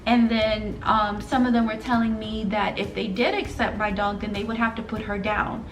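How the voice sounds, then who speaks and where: A woman's voice: medium pitch, flat delivery, normal speed, reverberant, far from the mic, faint music behind, poor audio. A young woman telling an emotional story to her viewers in a casual vlog, earnest and direct. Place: home room.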